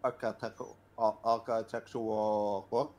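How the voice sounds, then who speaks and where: A man in a casual let's-play, reading game narration aloud slowly and hesitantly. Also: fairly low pitch, level tone, a little mellow.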